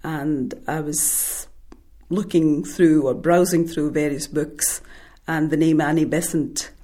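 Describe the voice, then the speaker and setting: A woman from India, an author, talking about her short story and then reading it in a measured, thoughtful way. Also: deep voice, fairly even intonation, mellow.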